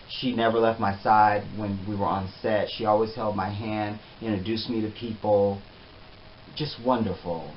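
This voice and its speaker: Chatty man telling a story, dull hiss. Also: on the low side. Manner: chatty, animated, trails off softly. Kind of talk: casual storytelling. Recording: slightly dull with faint hiss.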